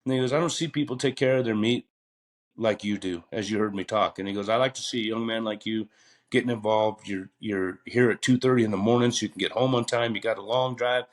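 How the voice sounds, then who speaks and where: A man's voice: on the low side, fast. A talkative man in his fifties, a retired butcher telling long stories in a casual podcast interview, rambling with fillers and restarts. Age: 50s.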